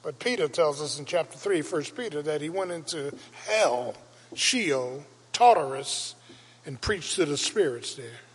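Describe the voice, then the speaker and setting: Slow husky pastor guy preaching in a big echoey church, swings up into shouts. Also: on the high side, animated. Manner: preaching with dramatic rises into shouts. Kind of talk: Easter sermon. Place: church sanctuary. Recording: reverberant church hall.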